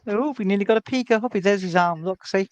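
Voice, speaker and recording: A British man hosting a casual livestream chat from a beach hut, chatty and quick to laugh. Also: high-pitched, low-quality recording. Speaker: livestream host.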